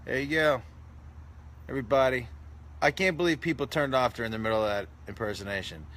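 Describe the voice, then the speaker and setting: A man's voice: medium pitch, animated, quick pace, fairly bright tone. A man, a comedian, chatting casually on a live stream, reading comments with self-mocking, mock-indignant jokes.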